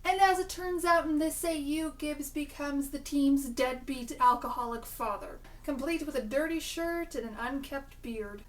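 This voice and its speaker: Young woman vlogger, high voice, sarcastic and chatty, slightly off-mic. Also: a little slow, few pauses, far from the mic. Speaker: TV episode reviewer. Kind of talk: casual video review.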